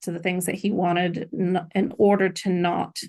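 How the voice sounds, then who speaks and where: A woman's voice: on the low side, flat delivery, normal speed, darkish tone. A middle-aged woman, a podcast guest, earnestly recounting a personal story in an interview.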